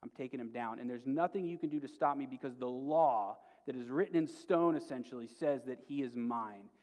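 A man's voice: mid-range voice, a little fast, a little mellow, in a large hall, natural voice. A man retelling a cruel gloating witch. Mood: threatening. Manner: menacing, threatening. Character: evil female white witch, cruel and gloating.

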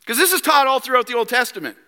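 A man with a high, very bright and forceful voice preaches a sermon in a church, heard through a long hall reverb. He drives his points with rhetorical questions and acts out quoted lines in character. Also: expressive, racing. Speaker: pastor. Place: church sanctuary.

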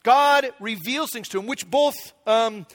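A man's voice: very high-pitched, unhurried, fairly bright tone. A man in his forties preaching a sermon, telling a family story in a conversational way and checking in with the room. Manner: conversational, asks the room "right?". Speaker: pastor.

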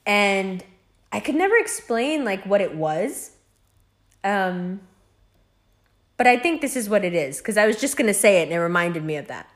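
A young woman hosting a podcast talks through a long, rambling story in a loose, casual way. She swears freely and laughs often. Her voice sits at an ordinary middle pitch. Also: sing-song. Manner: rambling, profane, quick to laugh. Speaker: podcast host.

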